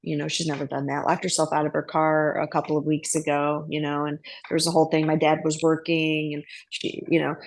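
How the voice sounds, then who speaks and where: A woman's voice: deep voice, a little hiss or hum. A woman in an online group class telling a personal story at length, rambling, with many fillers and asides. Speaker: class participant.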